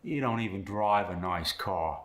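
A man's voice: deep voice, unhurried, a bit bright, echoey room. A man voicing a cheeky Cockney Londoner, demonstrating example lines with tag questions in a broad put-on accent.

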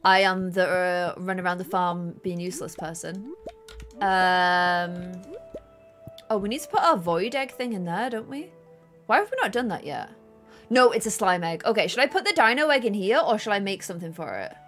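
A young woman chatting casually and excitedly while playing a co-op farming game with friends. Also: medium pitch, moderate pace, soft background music. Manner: bubbly, excitable, giggly. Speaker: gaming streamer. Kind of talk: casual co-op gameplay chat.

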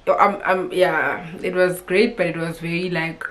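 A woman's voice: lowish voice, steady tone, a little slow, fairly bright tone. A young woman from Africa, chatting casually and expressively to camera with frequent laughs and fillers. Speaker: vlogger.

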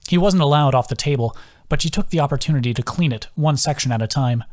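A man's voice: on the high side, fast. A man, the author, reading his own fantasy novel as scripted audiobook narration. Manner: steady storytelling.

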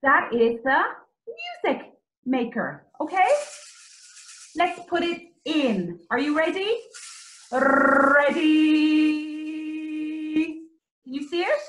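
A woman teaching young children, animated and sing-song, with exclamations and little songs. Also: high-pitched, measured pace. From Ireland. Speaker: early years teacher. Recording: roomy echo.

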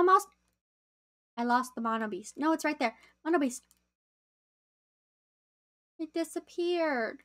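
A young woman chatting casually to viewers as she plays a game on a live stream, easily excited. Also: high voice, normal speed, pauses often.

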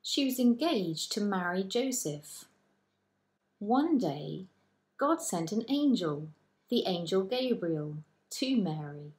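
A woman vicar giving a gentle children's talk and telling a Bible story slowly. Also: mid-range voice, sing-song. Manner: gentle, slow, storyteller's delivery.

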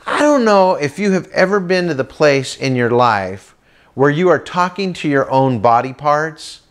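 A man doing stand-up comedy, telling a story with lively acted-out voices and sound effects. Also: on the high side, unhurried. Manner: animated, acts out voices and boat sounds.

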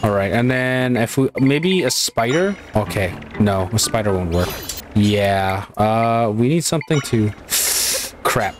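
A man's voice: on the low side, animated, unhurried. A man giving casual gameplay commentary, muttering to himself, swearing and yelping in frustration. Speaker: gaming channel host. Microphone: headset. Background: game music.

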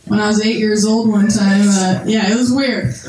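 A woman's voice: mid-range voice, steady tone, moderate pace. A woman performing a stand-up comedy set, telling a story and acting out the voices in it. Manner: storytelling with acted-out voices and laughter. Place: comedy club stage. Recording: echoey club with loud noise.

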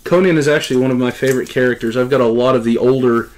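A middle-aged comic book collector races through a casual unboxing in a mid-range voice. He talks plenty and keeps crying out with thrilled appreciation.

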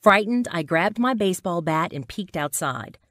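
A woman narrating a dating-advice sales pitch as a dramatic personal story. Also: animated, moderate pace, fairly bright tone, no room sound.

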